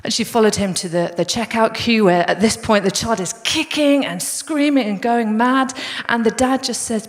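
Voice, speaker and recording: A woman's voice: a little high, normal speed. Woman preaching in an echoing church hall. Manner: conversational, storytelling, addresses the congregation as guys. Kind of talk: sermon. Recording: long reverb of a church hall.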